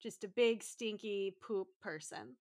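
A woman's voice: mid-range voice, darkish tone, no echo, studio quality. Playful young woman podcast cohost. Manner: playful, jokey, quick asides. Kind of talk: casual recap chat.

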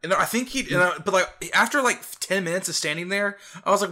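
A man's voice: high-pitched, quick pace. A young man in his twenties co-hosting a casual podcast, telling a funny story and laughing as he goes. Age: 20s. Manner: animated, laughs through his stories. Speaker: podcast co-host.

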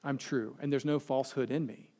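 A male pastor preaching a sermon, animated, dropping to slow and hushed when he quotes scripture. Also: medium pitch.

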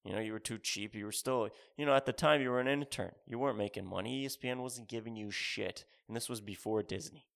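A man's voice: fairly low pitch, fast, creaky, few pauses, a bit bright. A man in his thirties delivering a rambling, sarcastic, profane comedic rant as a podcast host.

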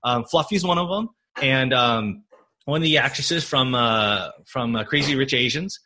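Some hiss or hum sits under this medium-pitched voice. It's a non-native English speaker in his thirties, a physical therapist, chatting on a podcast in an animated way full of fillers, restarts and quick laughter.

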